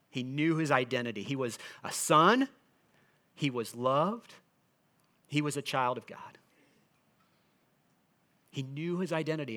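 Bright-voiced man preaching a conversational sermon. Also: medium pitch. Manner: earnest, conversational preaching with frequent restarts. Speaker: pastor.

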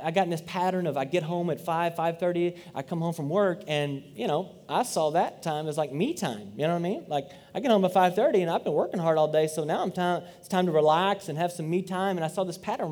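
A man's voice: fairly high pitch, animated, fairly quick, few pauses, darkish tone. A man in his thirties preaching a sermon, earnest and conversational, with frequent asides to the congregation. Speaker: pastor.

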